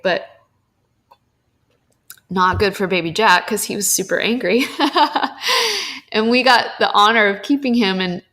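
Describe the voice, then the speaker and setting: A woman's voice: lowish voice, fairly bright tone. Young woman host, spiritual talk, open and emotive, casual tone with occasional cursing. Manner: candid, emotive, casual swearing. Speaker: podcast host and spiritual teacher.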